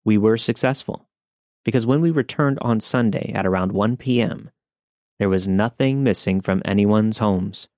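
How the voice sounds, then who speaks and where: A man narrating a scary true story in a steady scripted read. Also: fairly low pitch, moderate pace, no room sound, clean studio sound.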